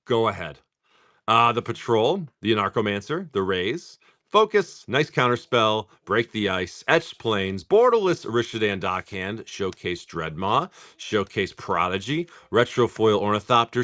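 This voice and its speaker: A man's voice: on the low side, very animated, normal speed, fairly bright tone, no room sound. A man live-streaming as he opens trading card packs. He tells a rambling story and keeps breaking off to call out card names. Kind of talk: casual live-stream chat.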